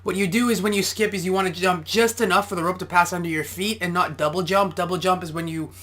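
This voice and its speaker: A man's voice: high-pitched, steady tone, fast talker, fairly bright tone. A man, an amateur boxer, giving casual reaction commentary and explaining boxing technique step by step.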